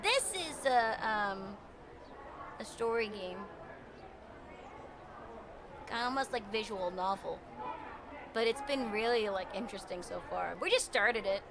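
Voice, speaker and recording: A woman's voice: mid-range voice, expressive, unhurried, long pauses, crowd noise, background noise. A woman streaming live, chatting casually with her viewers. She is chatty and giggly and trails off with fillers.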